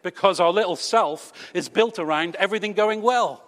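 Pitched high, a little fast and a bit bright, a British man preaches with few pauses. His sermon teases the congregation in a conversational style full of rhetorical questions. A church hall's long reverb fills the recording.

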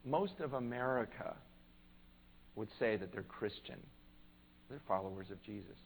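A man's voice: on the low side, lively intonation, moderate pace, vocal fry, slight background noise, poor audio. Earnest man preaching a sermon. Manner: earnest, conversational, rising to emphatic peaks. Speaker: pastor. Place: church.

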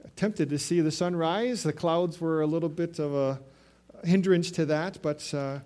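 A man's voice: fairly high pitch, a little mellow. A male pastor preaching a Sunday sermon, retelling scripture in his own words with frequent restarts.

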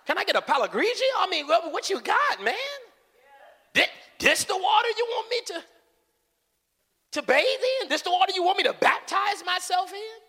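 Man doing a proud commander scoffing, high and piercing, loud and bratty. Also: very animated, moderate pace, long reverb tail, exaggerated voice. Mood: indignant scoffing. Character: proud angry army commander, grown man, indignant.

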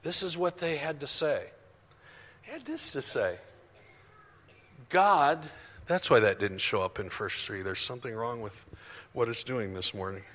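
A man preaching a sermon as pastor, impassioned and building to near-shouts. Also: mid-range voice, lively intonation, measured pace, pauses often. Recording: long hall reverb.

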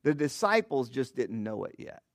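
A man's voice: medium pitch, very animated, normal speed. A man delivers a sermon as a pastor, talking to his congregation in a plain, conversational way and checking in with frequent "okay?" asides. His voice sits in a middle range. The sound is dry and close, with no room echo. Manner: conversational, joking asides with "all right?" and "okay?"; earnest prayer.

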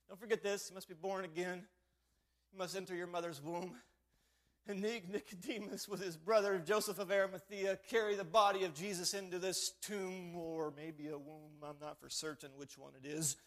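A man preaching a sermon, moving from hushed storytelling to loud, fervent preaching. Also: sits high. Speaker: pastor.

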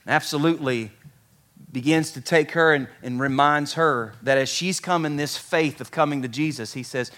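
A man with a notably high, light voice preaches to his congregation. He tells the story with animated energy, acting out what the biblical figures say, then drops to soft, slow words for emphasis. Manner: animated, acts out biblical characters' lines. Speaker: pastor. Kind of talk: sermon.

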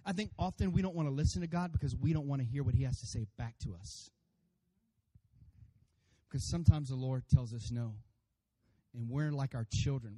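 A pastor preaching a sermon to his congregation, animated and playful, acting out voices and calling for amens. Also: medium pitch. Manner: animated, acts out funny voices for God and congregants; addresses congregation by name, calls for amens.

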